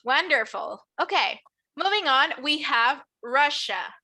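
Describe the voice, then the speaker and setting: A woman whose first language is Spanish teaches English pronunciation through a patient, encouraging classroom drill, enunciating carefully. Her voice sits high, expressive and sharp in tone, and she speaks slowly.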